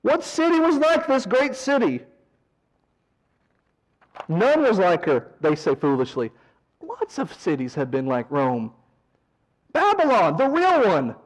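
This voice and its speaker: Man, Bible teacher, high voice, animated, sarcastic mockery, verse-by-verse study. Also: a little slow, low-quality recording. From American South. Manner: animated, swings from loud emphasis to quiet asides; mocks mourners in a whiny voice.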